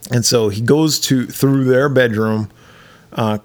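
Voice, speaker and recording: A man's voice: medium pitch, slow. A man co-hosting a podcast, casually retelling a horror movie's plot and acting out the characters' lines. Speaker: podcast co-host. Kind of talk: casual movie recap chat.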